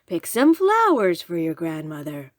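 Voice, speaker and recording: A woman voicing a sly wicked male wolf in a storybook, with a slow, drawn-out, coaxing delivery. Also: fairly low pitch, wildly swooping pitch, no room sound, studio quality.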